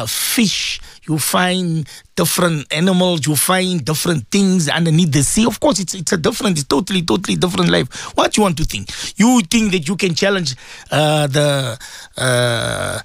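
A man's voice: creaky, dry recording. Rambling male radio host, dry sound. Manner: rambling, repeats words, sudden pitch jumps. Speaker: radio host and Muslim cleric. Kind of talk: casual radio talk.

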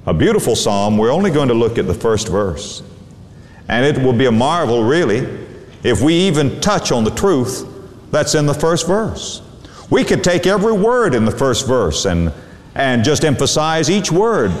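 A man's voice: medium pitch, very animated. A man preaching a sermon, leaning hard on single words and drawing them out. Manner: emphatic, drawn-out stresses on single words. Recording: long hall reverb.

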